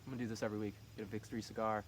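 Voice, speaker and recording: A man's voice: lowish voice, little pitch movement, very fast, a little hiss or hum. A man running a fantasy football league, talking casually and teasing the other players with cocky trash talk.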